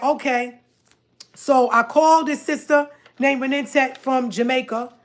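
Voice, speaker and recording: A high-pitched woman recounts a personal saga to her viewers. She talks casually and with animation, repeating herself and quoting the people in her story. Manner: animated, repeats herself, quotes others in dialogue. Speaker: vlogger telling a personal story.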